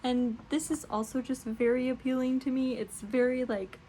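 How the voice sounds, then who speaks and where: Young female booktuber, chatty and gushing, slightly high voice, faint hiss behind. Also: level tone, normal speed, dark tone. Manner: gushing, chatty, laughs often. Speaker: book vlogger. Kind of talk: casual book tag chat.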